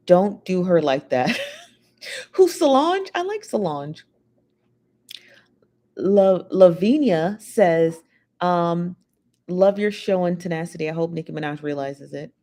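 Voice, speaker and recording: A woman's voice: fairly low pitch, animated, takes it slowly, long pauses, warm tone. A woman hosting a live show, chatting casually and reading out viewer comments in a rambling, gossipy way, full of fillers.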